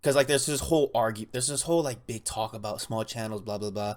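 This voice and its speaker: A man's voice: lowish voice, fast talker. Young man arguing earnestly, casual podcast. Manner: argumentative, earnest, lots of fillers. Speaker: podcast co-host. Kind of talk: casual chat.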